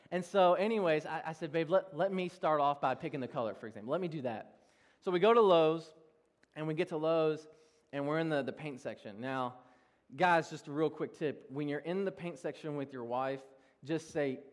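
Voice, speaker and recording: A young male pastor preaching a sermon, telling self-deprecating personal stories in an animated way with frequent laughs. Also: a little high, fairly quick. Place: large church hall. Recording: long reverb of a church hall.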